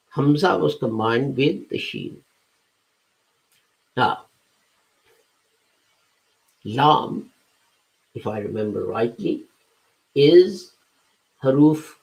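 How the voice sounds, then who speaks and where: A man's voice: medium pitch, vocal fry, rough recording. A man giving a patient, step-by-step talk that explains scripture, with occasional hesitations and self-corrections. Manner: patient, step-by-step teaching with everyday examples. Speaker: religious lecturer.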